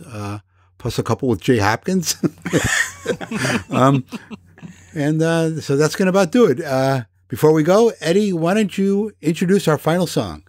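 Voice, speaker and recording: A man's voice: fairly high pitch, a little mellow, no room sound, studio quality. A man hosting a podcast, speaking in a friendly, plainspoken way in casual chat. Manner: friendly, plainspoken, a few fillers. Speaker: podcast host.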